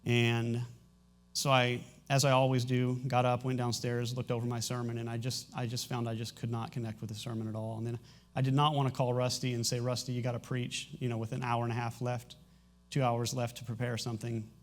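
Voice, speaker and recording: A middle-aged man, a pastor, speaking candidly to his congregation in a church, halting and emotional, with frequent restarts. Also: mid-range voice, flat delivery. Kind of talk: sermon announcements and personal testimony. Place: church sanctuary.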